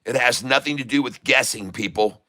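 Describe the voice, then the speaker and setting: A man hosting a live day-trading stream, shouting excitedly at the charts and talking to his chat. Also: mid-range voice, moderate pace. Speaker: day-trading livestream host.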